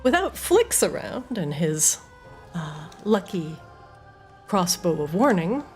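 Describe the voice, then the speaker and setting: A woman running a tabletop game as dungeon master, narrating in a slow, suspenseful way. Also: on the low side, big pitch swings, a little mellow, soft background music.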